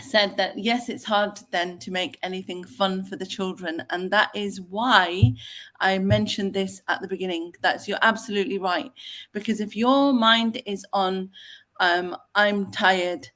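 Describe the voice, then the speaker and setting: A woman's voice: medium pitch, fairly even intonation, a little slow, fairly bright tone. A woman hosting a casual online chat, talking in a rambling, chatty way with many fillers. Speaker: host.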